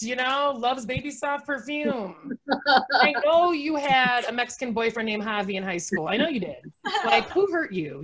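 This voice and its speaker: A woman in her forties performs stand-up with a somewhat high-pitched voice. She is sarcastic and animated, and she laughs easily between punchlines. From United States. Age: 40s. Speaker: stand-up comedian. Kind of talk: stand-up comedy set.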